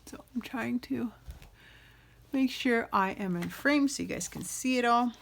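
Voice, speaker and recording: A woman's voice: fairly high pitch, unhurried, creaky, slight background noise. A woman in her thirties hosting a casual craft flip-through, rambling and self-deprecating, with plenty of filler words. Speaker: junk journal crafter and channel host.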